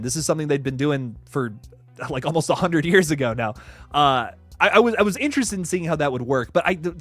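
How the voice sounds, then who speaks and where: A man's voice: fairly high pitch, no echo. A young man hosting a casual horror news livestream who swears freely, laughs often and reads chat aloud.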